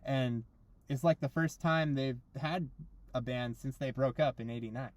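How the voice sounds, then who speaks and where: Man, podcast co-host, rambling, filler-heavy casual chat, mid pitch, recorded in a car. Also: moderate pace, no room sound. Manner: rambling, lots of "like". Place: parked car.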